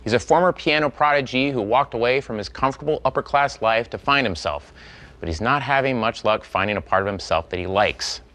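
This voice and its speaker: A man hosting a classic film channel, giving a measured, formal scripted introduction. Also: mid-range voice, a bit bright.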